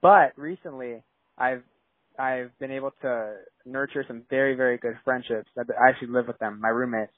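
A man's voice: mid-range voice, fairly even intonation, moderate pace, dry recording. A young man from San Diego, a filmmaker guest, talking casually and rambling with lots of "like" and restarts. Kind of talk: casual interview chat. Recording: tinny phone-like line.

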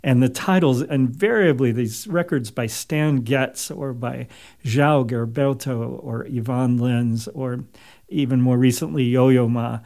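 Gravelly man, thoughtful and measured. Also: mid-range voice, a little mellow. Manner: thoughtful, measured, many pauses and fillers. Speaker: author and guest. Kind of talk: reflective interview talk.

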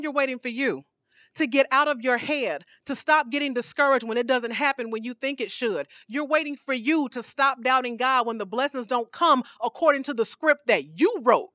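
Woman preacher for a podcast sermon: higher pitch, dry close mic, punchy and emphatic. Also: dry recording. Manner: emphatic, rhetorical questions, animated swings in volume.

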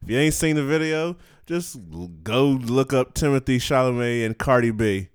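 A man's voice: mid-range voice, normal speed, clean tone, dry recording, studio quality. A man hosting a podcast in a joking, casual way, laughing often between lines. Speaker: podcast host. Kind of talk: casual chat.

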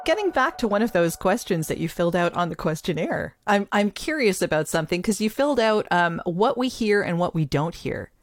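A woman's voice: lowish voice, expressive, brisk, few pauses. A woman hosting a podcast, reading a listener review and asking her guest questions, laughing often. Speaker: podcast host. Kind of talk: casual interview chat.

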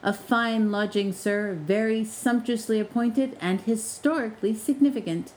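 Woman doing a deadpan male house-spirit porter for an audio story, formal, sly, pitched up. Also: normal speed, a little hiss or hum, lightly acted, poor audio. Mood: dry.

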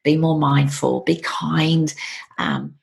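Low gravelly middle-aged woman. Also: steady tone, slow. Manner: earnest, reflective, repeats favourite sayings. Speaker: author and interview guest. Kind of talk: conversational interview storytelling.

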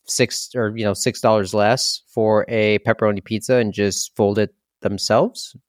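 A man's voice: fairly low pitch, fairly even intonation, normal speed, dry recording, clean studio sound. A man co-hosting a comedy podcast, asking quizzical jokey questions in casual chat. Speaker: podcast co-host.

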